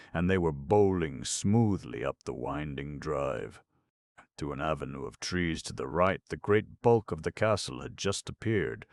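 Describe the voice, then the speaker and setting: A man reading scripted audiobook narration in a measured, expressive way. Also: a bass voice, dry recording, studio quality.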